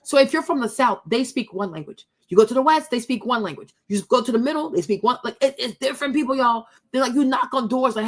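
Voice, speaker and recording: On her own channel, a young woman from the Ivory Coast tells her viewers a story in a chatty, casual manner, full of y'all and frequent "right?" tag questions. She sounds animated, her voice on the high side, talking quickly with few pauses.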